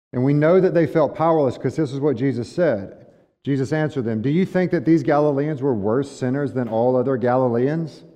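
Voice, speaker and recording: Mid-range and dark-toned, a male pastor's voice moves through a conversational sermon built on rhetorical questions for his listeners. The recording is dull lo-fi with long hall reverb.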